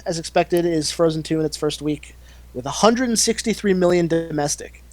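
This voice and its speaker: Higher-voiced man reading box office. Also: normal speed, a little mellow, no echo. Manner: easygoing, reads figures out. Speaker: podcast co-host reading box office list. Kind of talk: casual chat.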